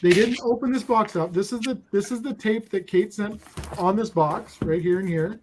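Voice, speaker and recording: A man's voice: sits high, normal speed, background noise. Chatty man telling a story. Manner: storytelling, laughs between lines. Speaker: livestream host. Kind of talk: casual chat among friends.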